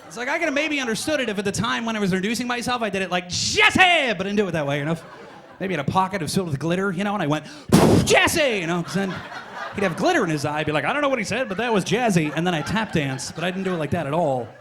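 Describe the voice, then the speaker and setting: A young man doing a stand-up comedy set in a comedy club, talking fast and jittery. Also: sits high, a crowd in the background.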